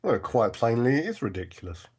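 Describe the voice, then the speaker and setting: Wry husky panel guest. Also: male voice, mid-range voice, big pitch swings, fairly quick, a little mellow. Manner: wry, dry humour, opinionated. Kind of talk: casual panel chat.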